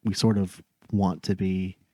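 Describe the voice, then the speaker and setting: A man co-hosts a casual podcast and reflects in a measured, thoughtful way. His voice is very deep, and the recording is dry and close. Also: level tone, mellow, no echo. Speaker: podcast co-host.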